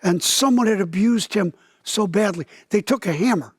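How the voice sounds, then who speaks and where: High-voiced older man telling a story. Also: normal speed, husky, dry recording, clean studio sound. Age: 70s. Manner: vivid storyteller, acts out quoted dialogue with a raised voice. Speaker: pastor. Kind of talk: interview testimony, telling a story.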